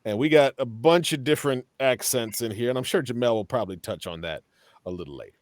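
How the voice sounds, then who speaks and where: A man's voice: mid-range voice, lively intonation, quick pace, no room sound. A man co-hosting a casual podcast, opinionated and slangy, stumbling through restarts as he gives his take. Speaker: podcast co-host.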